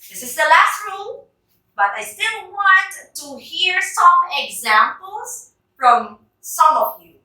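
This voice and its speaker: Speaking slowly in a very high, sing-song voice that sounds pushed and bright, a Filipino English-accented teacher calls on students by name and checks that they understand. The recording is far off in a very echoey classroom.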